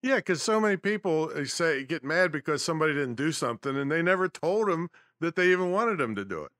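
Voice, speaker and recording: A man's voice: fairly high pitch, animated, fast talker, fairly bright tone, no room sound, clean studio sound. A man hosting a podcast, chatting casually and laughing easily with his guest. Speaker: podcast host. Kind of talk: casual interview chat.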